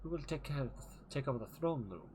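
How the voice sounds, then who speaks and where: A man voicing a queen who speaks gently and anxiously to her husband. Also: medium pitch, lively intonation, fast talker, background noise, close to an everyday voice. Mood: worried.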